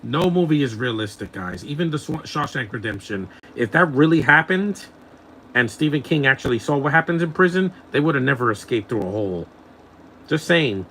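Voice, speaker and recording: A man's voice: mid-range voice, lively intonation, brisk, a bit bright, a little hiss or hum, low-quality recording. Mocking man chuckling through movie commentary. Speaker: film commentator. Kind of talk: casual live movie commentary.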